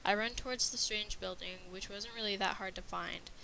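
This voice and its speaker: Woman reading creepypasta, dramatic, bright clear tone, faint hiss behind. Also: medium pitch, steady tone, moderate pace, poor audio. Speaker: narrator. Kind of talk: scripted horror story narration.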